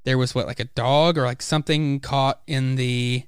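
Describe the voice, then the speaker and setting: A man's voice: medium pitch, steady tone, normal speed, smooth, dry recording, studio quality. A man hosting a casual podcast about comics, animatedly retelling scenes and acting out the characters' lines. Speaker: podcast host. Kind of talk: casual comic book discussion.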